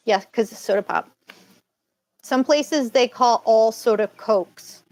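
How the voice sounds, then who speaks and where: A woman from Massachusetts chats on a live stream in a slightly high voice. She rambles, restarts her thoughts and laughs easily, like she is talking with friends at home. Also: slow, no room sound, rough recording. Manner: chatty, rambling, laughs often. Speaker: co-host of a live chat stream. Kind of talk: casual live-stream chat.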